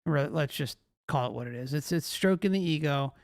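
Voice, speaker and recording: A man's voice: fairly high pitch, brisk, no echo, clean studio sound. A male host giving emphatic commentary, often asking rhetorical questions.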